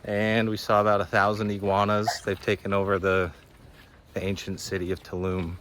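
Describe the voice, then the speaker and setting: Young man, laid-back travel vlogger, lowish voice, faint outdoor hum. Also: monotone, moderate pace, a bit bright. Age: young adult. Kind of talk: casual travel vlog chat. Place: outdoors on a trip.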